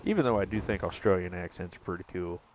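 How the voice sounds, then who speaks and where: A man's voice: sits low, quick pace, a little mellow, muffled recording, a little hiss or hum. An American man chatting casually and jokingly with viewers during a gaming live stream. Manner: rambling, jokey, talks to chat.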